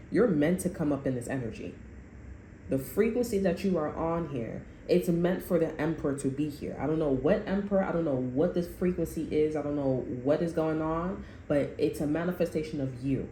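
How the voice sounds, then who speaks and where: Low, mellow woman reading tarot cards. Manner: blunt and profane, rambling, repeats itself. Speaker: tarot reader. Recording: roomy echo with faint noise.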